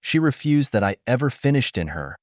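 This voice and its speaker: A man narrating a first-person story in an animated storytelling manner. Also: medium pitch, brisk, no echo, clean studio sound.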